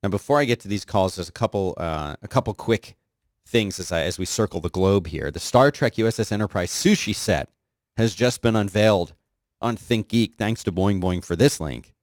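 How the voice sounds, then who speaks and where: A man's voice: fairly low pitch, normal speed, no echo, clean studio sound. A man hosting a show in casual, enthusiastic, rambling chat. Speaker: podcast host.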